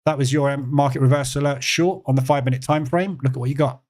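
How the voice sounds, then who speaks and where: A man hosts a live trading stream in a relaxed, conversational voice. He speaks at an ordinary mid pitch, repeats words for emphasis and fills pauses with ums and uhs. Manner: relaxed, conversational, answers chat questions; emphatic repetition with frequent fillers. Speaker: trading educator hosting a live session. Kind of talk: live-stream market commentary.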